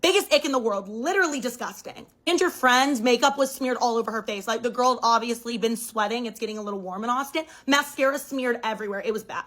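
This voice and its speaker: A woman's voice: fairly high pitch, fast talker, hardly any pauses, a bit bright, poor audio. A woman telling a gossip storytime in a blunt, scathing, emphatic way.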